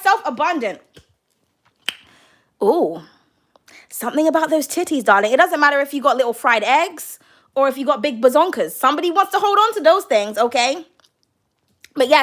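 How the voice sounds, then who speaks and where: A British woman giving a casual tarot reading, brash and profane and quick to laugh. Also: high voice, a bit bright. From United Kingdom. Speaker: tarot card reader.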